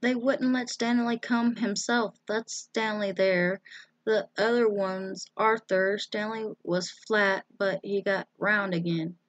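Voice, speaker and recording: A woman voicing an eager, bold young girl who pleads in a rushed, breathless way. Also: mid-range voice, fairly even intonation, no echo, muffled recording, natural voice.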